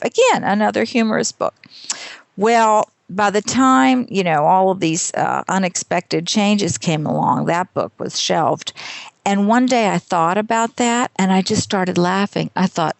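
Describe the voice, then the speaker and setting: A middle-aged woman speaks at a mid pitch as a guest author in a conversational interview. She tells stories in a lively, self-deprecating way with frequent laughter. The sound is dry and close, with no room echo.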